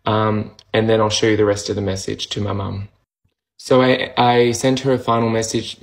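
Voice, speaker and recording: A man talking to camera in a personal vlog, emotional and halting, with many restarts and pauses as he struggles to get the words out. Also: lowish voice, flat delivery, creaky, low-quality recording. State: emotional, close to tears. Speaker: vlogger sharing a personal update.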